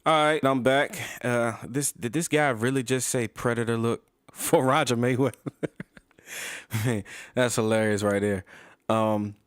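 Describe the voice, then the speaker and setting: Man, sports podcast host, laid-back, wry, crisp voice. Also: mid-range voice, a little slow, dry recording, clean studio sound. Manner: relaxed, chuckling, wry. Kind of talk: casual podcast sign-off.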